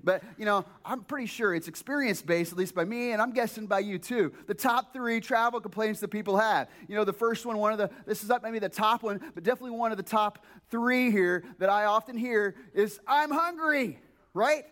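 A man with a notably high voice gives a sermon to his congregation. He talks the way people chat, leaning on "like" and "you know," and keeps asking his listeners questions. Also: a little fast, hardly any pauses, a bit bright. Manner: conversational, filler-heavy, rhetorical questions to the audience. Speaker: pastor. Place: church service, also streamed online.

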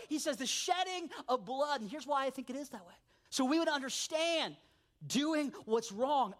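A man, a pastor, preaching a sermon with animated storytelling, dropping into low asides and rising for emphatic points.

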